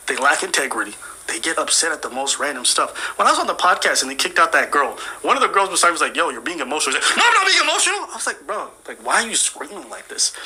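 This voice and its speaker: A man's voice: a little high, pushed and bright, a little hiss or hum, low-quality recording. A man delivering a profane, mocking comedic rant as a commentator.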